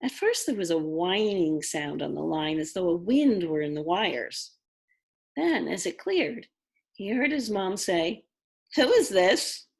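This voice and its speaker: A woman narrates a children's novel in an unhurried, expressive read. Her voice has a husky, gravelly grain, and her pitch swoops widely as she tells the story. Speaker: audiobook narrator.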